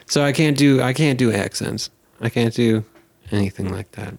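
A man's voice: medium pitch, moderate pace, a little mellow, no echo. A young American man hosting a podcast, telling stories in a rambling, jokey way and sometimes slipping into silly voices. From United States. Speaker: podcast host. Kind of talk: casual chat.

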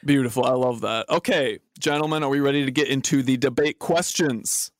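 A man's voice: mid-range voice, fairly quick, no room sound, studio quality. A man moderating a comedy podcast debate, playful and giggly, drawing out his teasing remarks. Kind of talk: casual comedy podcast chat.

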